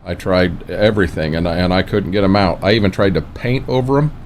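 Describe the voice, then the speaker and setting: A man's voice: sits low, a little fast, a little hiss or hum. An older man casually chatting while playing a farming game, rambling and plain-spoken. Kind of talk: casual gameplay chat.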